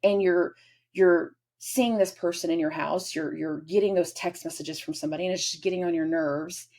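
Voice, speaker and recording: A woman's voice: on the low side, fairly even intonation, a little mellow. A woman hosting a casual astrology forecast, rambling and acting out little everyday scenes. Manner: rambling, acts out little scenes in quick voices. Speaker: astrology host.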